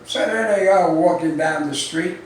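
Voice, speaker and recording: A man's voice: fairly high pitch, normal speed. A man telling dirty jokes, acting out each character's lines in a raised voice and laughing at his own punchlines. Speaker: joke teller. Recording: distant mic in a very echoey room, faint background noise.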